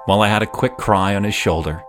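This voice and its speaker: A young adult man telling a personal story in a reflective, measured first-person way. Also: lowish voice, steady tone, a bit bright, soft background music.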